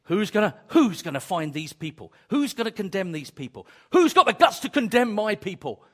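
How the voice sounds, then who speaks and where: A man's voice: high-pitched, very animated, normal speed. A man preaching a sermon, emphatic and repetitive, with joking asides. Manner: emphatic, repetitive, builds to exclamations.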